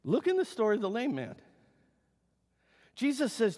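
A man's voice: extremely high pitch, normal speed. A man preaching a sermon as pastor in a church, acting out the story's characters. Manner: animated, acts out the story's characters. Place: church sanctuary. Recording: long hall reverb.

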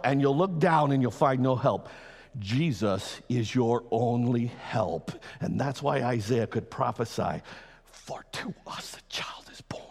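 A male pastor preaching a sermon to a congregation, swinging between loud fervent passages and slow quiet emphasis. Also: on the high side. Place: church hall. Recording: long hall reverb.

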